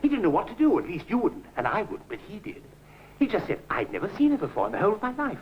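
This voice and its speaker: A caddish middle-aged charmer, full of clipped, jaunty patter. His voice leaps up and down with lively swings of pitch. It comes through a hissy old television soundtrack. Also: fast talker, poor audio. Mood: breezy, scheming. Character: caddish middle-aged English ladies' man, breezy schemer. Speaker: comic lead. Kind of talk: 1960s studio sitcom acting.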